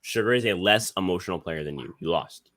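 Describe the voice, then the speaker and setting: A young man with a very low voice talks through his opinions on a casual podcast. He stumbles and restarts often in a loose, slangy way, and the sound is dry and close. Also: fairly quick, a bit bright, dry recording. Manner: rambling, many restarts and repeated words, slangy. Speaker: podcast host.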